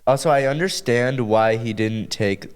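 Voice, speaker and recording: A young man co-hosting a podcast in casual chat, talking haltingly with many fillers and restarts. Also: mid-range voice, clear, resonant tone. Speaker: podcast co-host.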